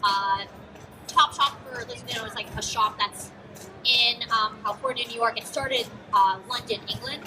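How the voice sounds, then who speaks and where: Bubbly teen girl on stage at a q&a, highish voice, lots of ums and giggles, sounds far from the mic with loud music going behind. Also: normal speed. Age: teens. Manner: bubbly, giggly, many fillers. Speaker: guest actress. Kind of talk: live stage Q&A. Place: auto show stage with a crowd.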